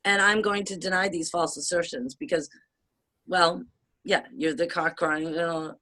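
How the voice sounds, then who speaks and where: Bright-voiced chatty American woman. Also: on the low side, moderate pace. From United States. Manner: animated, laughs often, swears, rambling with restarts. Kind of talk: casual chat.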